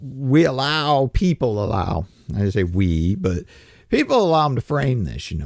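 A man's voice: mid-range voice, big pitch swings, normal speed, dry recording, clean studio sound. A man delivering a sarcastic, mocking opinion monologue as a political commentator.

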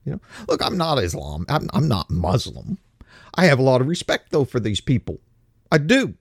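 A man's voice: medium pitch, wildly swooping pitch, moderate pace, gravelly, breathy edge, dry recording, clean studio sound. A man giving a heated, emphatic opinion monologue, stumbling on repeated words when worked up. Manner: heated, emphatic, with mocking impressions of others; repetitive restarts when worked up. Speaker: commentator.

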